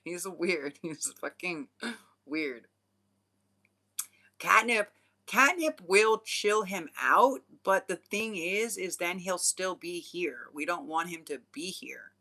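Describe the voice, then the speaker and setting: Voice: mid-range voice, expressive, takes it slowly, bright, forceful tone. A young adult vlogger chatting casually, laughing often and swearing freely in loose slang. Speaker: spiritual channeler and vlogger. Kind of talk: casual rambling chat.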